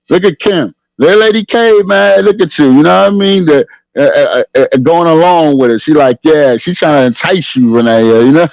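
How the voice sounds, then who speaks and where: A man's voice: medium pitch, darkish tone, dry recording, poor audio. A middle-aged man hosting a casual livestream podcast, reading the chat, laughing often and saying "you know what I mean" after nearly every line. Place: at home with camera off.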